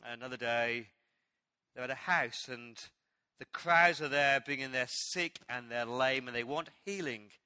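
A man preaching a sermon as pastor, telling a Bible story with animated storytelling and acting out the quoted lines. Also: mid-range voice, a little slow, smooth, dry recording. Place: church.

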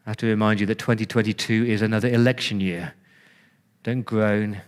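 A man's voice: steady tone, a little fast. Man preaching conversationally. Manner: conversational preaching with repeated words and restarts; acts out listener reactions with big pitch swings. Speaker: pastor. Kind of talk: sermon.

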